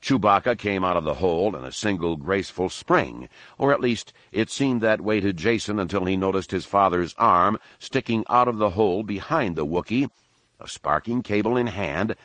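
A man narrating an audiobook in a steady, unhurried storytelling manner. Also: low-pitched, no echo. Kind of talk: scripted narration.

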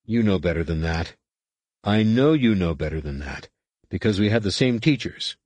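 A man's voice: low voice, expressive, normal speed, no echo. A man reading a stern young Jedi leader. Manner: firm, clipped, sharp.

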